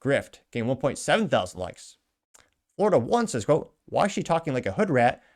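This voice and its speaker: A male host working through a list of viewer comments on his show. He reads each one out, then tacks on dry, offhand asides in a conversational voice at an everyday pitch. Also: big pitch swings, brisk, a little mellow. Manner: wry, offhand asides with chuckles.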